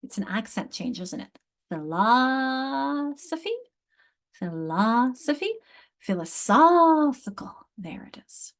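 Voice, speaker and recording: Woman running a teacher training session, casual explaining voice, slows way down to sound out words. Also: mid-range voice, a little mellow. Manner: conversational, checks in with listeners by asking "isn't it?". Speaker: literacy instructor. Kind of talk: online teacher training lecture.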